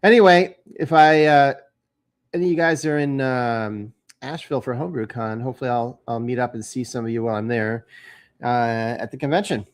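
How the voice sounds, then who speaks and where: A man's voice: mid-range voice, fairly even intonation, fairly quick. Rambling man chatting about homebrewing. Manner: rambling, with many fillers and restarts. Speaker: homebrewing channel host. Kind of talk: casual chat to camera.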